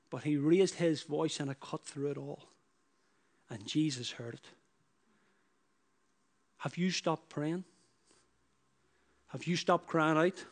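Emphatic preacher, fairly high voice. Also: male voice, takes it slowly, long pauses. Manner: emphatic, repetitive preaching with rising bursts. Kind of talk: sermon.

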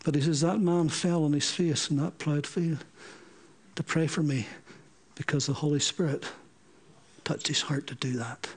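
High-voiced preacher. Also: male voice, normal speed, pauses often, slightly rough. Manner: animated, acts out quoted dialogue. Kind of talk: sermon storytelling.

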